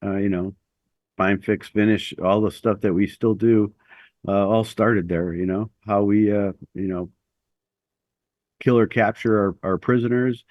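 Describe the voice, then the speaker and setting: A man's voice: lowish voice, darkish tone, no echo. A middle-aged man, a former Navy SEAL, telling stories in a casual interview, with rambling speech full of fillers and restarts.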